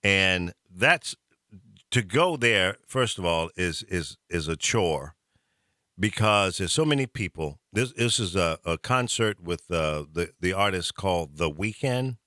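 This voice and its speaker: A man's voice: low-pitched, lively intonation, slow, pushed and bright, dry recording, studio quality. A man hosting a radio talk show, telling a story in casual chat and chuckling as he goes.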